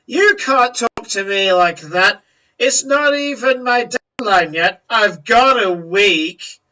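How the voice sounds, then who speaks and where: A man's voice: high-pitched, measured pace, sharp tone, far from the mic, rough recording. Man putting on a snappy young gnome woman. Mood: indignant. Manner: indignant and snappy. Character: brash young female gnome merchant, defiant.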